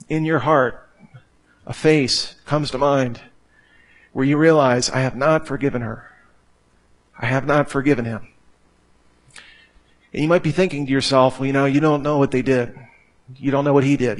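A man preaching a sermon to a gathered congregation, emphatic and repeating phrases for effect. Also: mid-range voice. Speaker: pastor. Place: church hall with a live audience.

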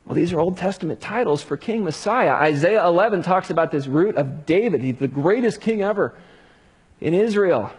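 Husky-voiced preacher man delivering a sermon. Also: sits high, lively intonation. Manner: dramatic preaching with hushed pauses and rising emphasis. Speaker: pastor.

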